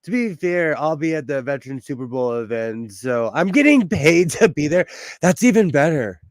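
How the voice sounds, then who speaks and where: Southern Californian man, chatty livestream host, slightly high voice, dry close sound. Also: animated, moderate pace, dry recording. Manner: chatty, laughs often, talks back to chat. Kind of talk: casual livestream chat. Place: home sewing room.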